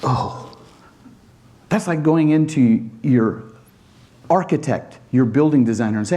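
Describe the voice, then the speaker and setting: A man giving a conference presentation as a Wi-Fi design instructor, animated and acting out exchanges with customers. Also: medium pitch, a little slow, long pauses. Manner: animated, acts out dialogues with customers.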